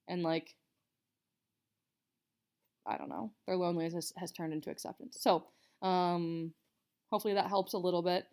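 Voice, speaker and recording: A woman's voice: lowish voice, steady tone, moderate pace, pauses often, darkish tone, smooth. A young woman teacher explaining a writing assignment to students in a casual, chatty way, with many fillers. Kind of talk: casual recorded writing lesson.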